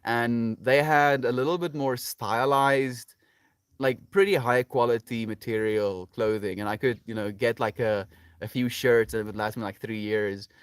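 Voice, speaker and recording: A South African man livestreaming from his farm garden, reading out viewer comments in relaxed, rambling casual chat. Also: mid-range voice, normal speed, smooth, no room sound, clean studio sound. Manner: relaxed, chatty, many fillers like "like" and "you know". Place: home on a farm, outdoors in a garden.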